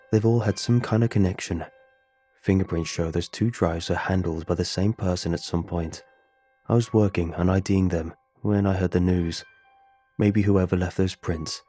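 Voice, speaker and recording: A man voicing Jack, a gruff, unsentimental male detective who speaks bluntly and matter-of-factly in a deep, husky voice. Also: dark tone.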